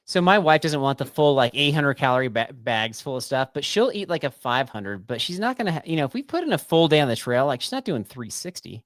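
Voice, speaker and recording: A man's voice: mid-range voice, very animated, fairly quick, few pauses, a bit bright, no echo, clean studio sound. A man co-hosting a casual podcast, talkative and teasing his friend. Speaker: podcast co-host. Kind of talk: casual chat.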